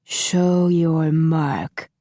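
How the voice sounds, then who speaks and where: A woman voicing a cold, commanding masked male vampire overlord who speaks in a slow, muffled, measured way. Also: sits low, steady tone, dark tone, no room sound, clean studio sound, exaggerated voice.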